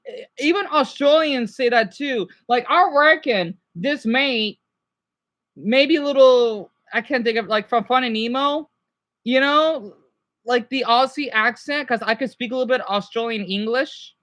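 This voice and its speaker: A woman's voice: sits high, measured pace, fairly bright tone. A woman streamer chatting casually over clips, rambling with many restarts.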